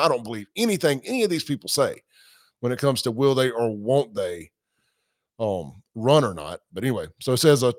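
A man's voice: medium pitch, no echo, clean studio sound. A man hosting a livestream, talking casually, reading out comments and quotes. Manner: casual, conversational, reads comments and quotes aloud. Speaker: podcast host.

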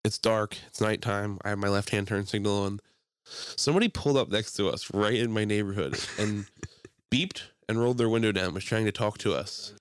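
A young man co-hosting a podcast, telling stories in a profane, animated way and putting on mocking voices. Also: lowish voice, moderate pace, clear, resonant tone, dry recording, clean studio sound. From Philadelphia area. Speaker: podcast co-host. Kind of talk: casual chat.

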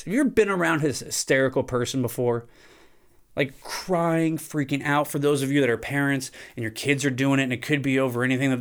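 A man hosting a podcast, talking in a casual, conversational monologue. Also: medium pitch. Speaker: podcast host.

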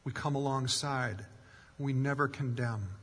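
Bright-voiced male pastor in reverberant hall. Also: medium pitch, fairly even intonation, a little slow, slightly rough. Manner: earnest, builds in emphasis, acts out quoted voices. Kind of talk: sermon. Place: church sanctuary.

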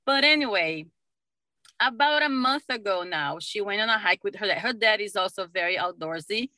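A middle-aged woman, a mother, telling stories in a casual conversation, animated and laughing often. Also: medium pitch, moderate pace, no echo. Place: lives in Utah.

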